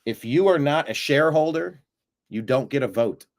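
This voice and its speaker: A man hosting a live-streamed political commentary show, talking in an animated way with sarcastic asides and frequent fillers. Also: mid-range voice, normal speed. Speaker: host of a political news show.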